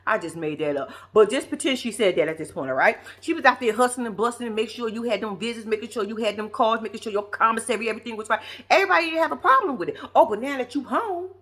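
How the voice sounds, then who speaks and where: A young woman from New York recaps a reality show in loose, profane chat, laughing often and playing the people she describes. Her voice sits a little high and swings up and down all the time as she talks. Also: expressive, fast talker, few pauses, fairly bright tone. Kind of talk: casual reaction commentary.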